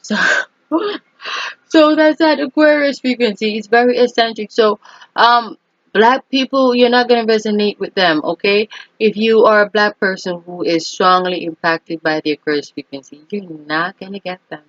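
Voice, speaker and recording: A woman's voice: medium pitch, moderate pace, no echo. A woman talking in a casual, opinionated monologue as an astrologer, speaking emphatically and often checking in with "okay?". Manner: emphatic, keeps asking "okay?". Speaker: astrologer and vlogger. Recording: dull lo-fi dry recording.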